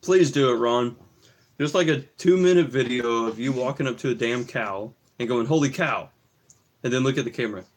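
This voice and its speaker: A man hosting a laid-back livestream at an ordinary middle pitch. He teases his co-host and reads out chat comments in a playful, joking tone. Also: fairly quick.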